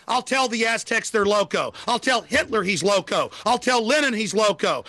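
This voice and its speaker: A man's voice: high-pitched, animated, moderate pace, few pauses, pushed and bright, no echo. A man arguing angrily as an interview guest, ranting in a declamatory way. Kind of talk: heated political argument.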